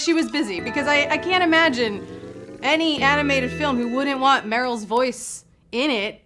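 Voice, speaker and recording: High-voiced playful woman quiz host. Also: sharp tone. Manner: playful, teasing, chatty asides. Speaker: game show host. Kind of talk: live trivia game show hosting.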